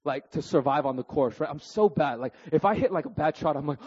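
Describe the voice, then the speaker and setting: Animated man telling stories in a hall. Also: fairly high pitch, brisk, slightly rough. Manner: animated, keeps adding "right?" and "okay?"; self-deprecating and jokey. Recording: dull recording with long hall reverb.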